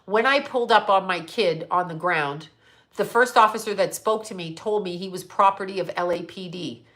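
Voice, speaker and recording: A woman's voice: mid-range voice, moderate pace, fairly bright tone. A middle-aged woman from Canada hosts a live stream alone and talks straight to her viewers. She speaks bluntly, swears constantly and rants in a mid-range voice, stopping now and then to answer comments. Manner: blunt, heavy swearing, ranting. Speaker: psychic livestream host. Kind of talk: livestream monologue.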